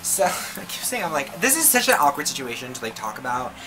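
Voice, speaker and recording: Young woman vlogger, deep-ish voice, says like every other word, swears a lot, music in the background. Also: big pitch swings, fast, bright, forceful tone, low-quality recording. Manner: chatty, filler-heavy, profane. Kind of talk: casual storytime. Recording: music playing behind the voice.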